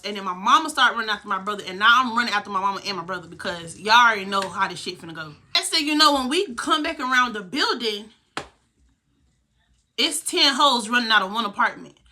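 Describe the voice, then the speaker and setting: A woman's voice: a little high, bright, forceful tone, a little hiss or hum. A young woman vlogger telling a heated, profane story from her own life. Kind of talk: storytime vlog.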